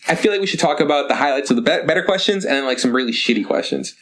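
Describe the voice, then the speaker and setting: A man's voice: a little high, expressive, very fast, fairly bright tone. A man co-hosting a podcast, chatting casually and rambling through stories, mimicking the people he talks about. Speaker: podcast co-host.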